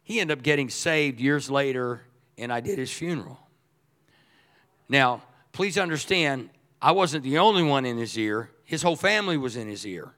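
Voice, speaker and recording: An older man preaching a sermon as pastor, swinging from quiet asides to loud excited bursts and often repeating words as he starts a thought. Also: medium pitch, moderate pace. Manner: animated, shifts from quiet to shouting.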